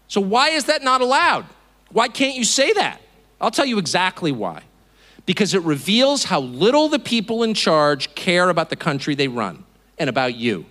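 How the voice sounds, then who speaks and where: A man in his fifties delivers a speech in an auditorium, his voice high, bright and ringing. He sounds indignant and mocking, and his pitch rises and falls widely as he acts out the voices of the people he quotes. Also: sing-song, normal speed. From California. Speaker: speaker. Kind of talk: speech to a live audience.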